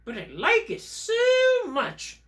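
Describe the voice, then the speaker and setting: A shrill, bubbly puppet with an English accent chirps away in a very high, wildly swooping voice. It sounds giddy and eager, forever squealing with delight in a children's story-time show. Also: male voice, wildly swooping pitch, slow, bright, forceful tone, exaggerated voice. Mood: gushing.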